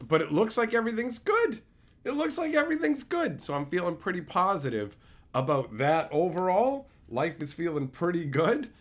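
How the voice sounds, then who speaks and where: A man from Canada chatting casually on his livestream, loopy after sedation, with animated, profane ranting. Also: high voice, normal speed. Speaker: streamer.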